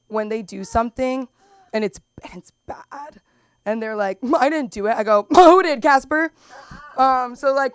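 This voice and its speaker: A young woman from Los Angeles with a Valley girl accent, doing open mic stand-up in a rambling, filler-heavy way that jumps into loud squeals. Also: fairly high pitch, smooth, no echo. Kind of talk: stand-up comedy. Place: comedy club.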